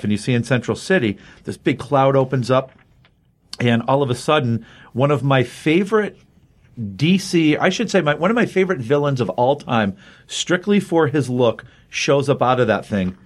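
A man's voice: medium pitch, lively intonation, moderate pace. A man co-hosting a casual comic book talk show, enthusiastically recapping a story with many fillers and restarts. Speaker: comic book podcast co-host.

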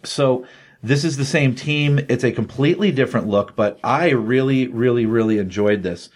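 A man's voice: mid-range voice, normal speed. A man in casual podcast conversation, walking through a comic's plot with energy. He tosses off dialogue as he goes, keeping the tone loose and chatty. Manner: animated retelling, acts out quotes. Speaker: comic book podcast co-host. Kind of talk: casual comic review chat.

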